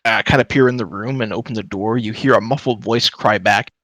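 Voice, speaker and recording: A man narrating a tabletop game as game master, animated and joking, with casual profanity. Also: on the low side, brisk, no room sound.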